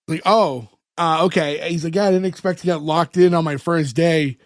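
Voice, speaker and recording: A man's voice: fairly high pitch, fairly even intonation, normal speed, no echo, studio quality. A man hosting a podcast, retelling scenes in casual chat and acting out the characters' lines. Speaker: podcast host recapping an episode.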